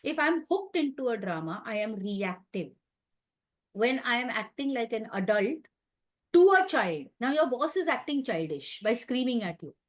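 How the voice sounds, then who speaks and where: A woman's voice: a little high, sing-song, moderate pace. A woman giving a light-hearted teaching talk, emphatic and conversational, putting questions to her audience. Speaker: wellness talk speaker.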